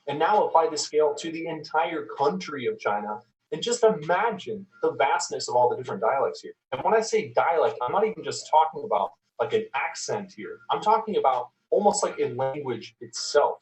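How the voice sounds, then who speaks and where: A man's voice: fairly high pitch, distant mic, poor audio. A young American man from Texas narrating a video as a student of Chinese, conversational and explanatory. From United States, Texas. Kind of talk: documentary voice-over narration.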